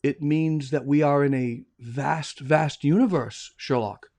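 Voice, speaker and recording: Puzzled male sidekick, slow and soft; a man doing it within a joke. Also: a little high, steady tone. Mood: musing.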